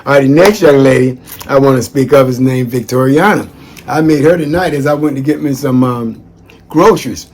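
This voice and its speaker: A man giving friendly shout-outs in a chatty, folksy monologue that wanders off on tangents. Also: mid-range voice, fairly quick, a little hiss or hum. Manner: chatty, folksy, digressive, calls listeners "man". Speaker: former social worker. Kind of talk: casual rambling monologue.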